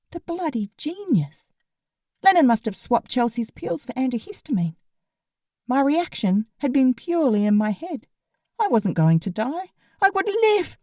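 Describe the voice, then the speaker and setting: A woman's voice: fairly high pitch, warm tone, no echo, clean studio sound. A woman narrating a comic novel in the first person, in a wry, sarcastic way. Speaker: audiobook narrator.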